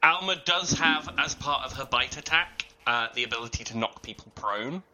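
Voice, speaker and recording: A man's voice: medium pitch, expressive, normal speed, sharp tone, slight background noise, low-quality recording. A man playing a tabletop game, calling out his dice rolls with many hesitant ums. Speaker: player.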